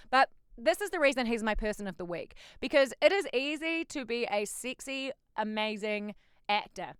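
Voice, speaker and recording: A woman hosting a pop culture gossip show in a bubbly, cheeky way, with sudden loud outbursts. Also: on the high side, animated, normal speed, clean tone, no room sound, studio quality. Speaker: host.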